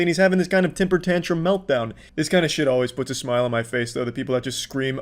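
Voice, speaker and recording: A man's voice: medium pitch, quick pace, hardly any pauses. A man giving sarcastic, profane reaction commentary on video clips, mocking the people in them.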